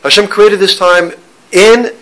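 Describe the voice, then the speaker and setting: A man's voice: high voice, steady tone, a little slow, a bit bright, low-quality recording. A man giving an informal Torah lesson, talking conversationally with restarts and joking with listeners. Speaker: teacher giving a Torah class.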